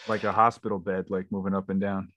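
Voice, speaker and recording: A man hosting a talk show, addressing listeners as "folks" in a relaxed, casual way and handing over to his guest. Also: deep voice, quick pace, crowd noise. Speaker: show host. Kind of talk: casual chat.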